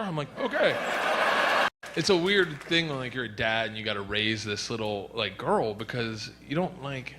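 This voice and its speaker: A middle-aged man doing a stand-up comedy set, telling stories loudly and acting out characters with sudden shouts. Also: mid-range voice. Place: comedy club stage with a live audience. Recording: live stage recording with audience noise.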